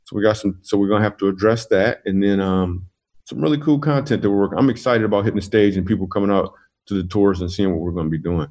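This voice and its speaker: A man, a comedian, telling funny personal stories in an interview, animated and laughing through his jokes. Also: on the low side, fast talker. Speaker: comedian guest. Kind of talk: casual interview storytelling.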